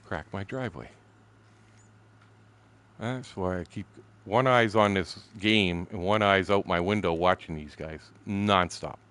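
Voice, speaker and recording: A man's voice: deep voice, measured pace, pauses often, fairly bright tone. A man in his sixties, a gaming streamer, telling a story in blunt, profane, casual talk. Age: 60s.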